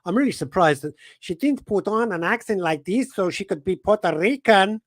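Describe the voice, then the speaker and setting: On a radio show, a man chats casually on air, teasing and interrupting his co-host and telling anecdotes. His high-sitting voice has lively intonation and a moderate pace. The recording is dry and studio quality.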